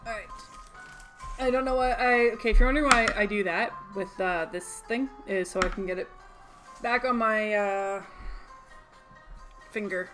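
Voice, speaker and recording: With music underneath, a medium-pitched female voice talks at a normal speed, pausing often. She's a young woman from Canada running a crafting livestream, laughing frequently and rambling in easy chatter while she sews.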